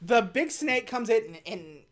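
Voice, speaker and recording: Woman, casual movie recap chat, very lively pitch, quick deadpan quotes. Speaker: podcast co-host.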